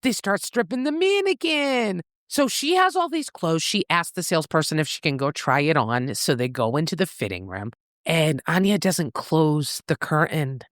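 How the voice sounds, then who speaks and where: A woman co-hosting a casual podcast, recapping a novel with lively storytelling and freely swearing. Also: sits low, moderate pace, dry recording, clean studio sound. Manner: animated storytelling, acts out characters' lines in shifting voices, swears freely. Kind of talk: casual book recap chat.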